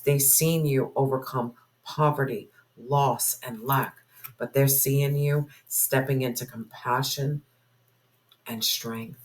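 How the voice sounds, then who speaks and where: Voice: medium pitch, steady tone, takes it slowly, poor audio. A tarot reader giving a spoken reading to viewers, musing aloud and asking spirit questions in an intuitive way.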